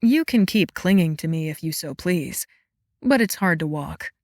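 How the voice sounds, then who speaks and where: A woman reading an audiobook voices a wry, sharp-tongued young male guardian who talks in a low, dry, mocking way. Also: moderate pace, no echo, close to an everyday voice.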